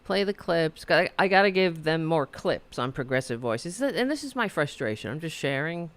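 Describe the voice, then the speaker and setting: Rambling woman host, lively pitch. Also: fairly quick. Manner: rambling, self-deprecating, many restarts; reads viewer chat aloud. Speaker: podcast host. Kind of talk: casual solo talk show chat. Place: apartment.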